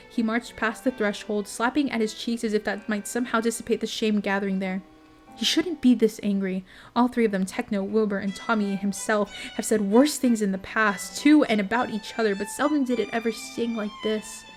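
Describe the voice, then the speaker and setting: A woman reads a bedtime story aloud at a steady, even pace. She is expressive but unhurried and corrects the odd stumble as she goes. Soft guitar music plays faintly underneath. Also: mid-range voice. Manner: steady, expressive reading with small slips. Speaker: streamer reading a story.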